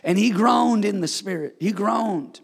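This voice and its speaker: A middle-aged male pastor preaching to his church, his gravelly, high voice ringing through a reverberant sanctuary. He drops to a hush, then rises to shouts and calls the congregation to answer back. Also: measured pace. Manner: call-and-response preaching, swings from hushed to shouted. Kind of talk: sermon.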